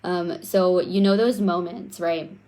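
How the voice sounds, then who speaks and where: Slow, low-voiced woman coaching on self-worth. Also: steady tone, mellow. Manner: conversational, keeps adding "right?", swears casually. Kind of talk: casual teaching talk.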